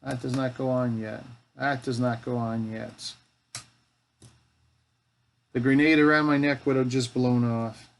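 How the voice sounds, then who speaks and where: A man's voice: mid-range voice, fairly even intonation, a little slow, vocal fry, long pauses. Middle-aged guy hosting a live build stream, casual and wisecracking, muttering to himself at his work. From Canada. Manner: joking, talks to himself as he works. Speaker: live-stream host building a toy kit. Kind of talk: casual chat while building.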